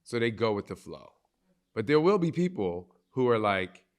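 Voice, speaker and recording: Guy hosting a live podcast, low voice, blunt and sweary. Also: animated, normal speed. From New Jersey. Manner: blunt, emphatic, swears freely. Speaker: podcast host.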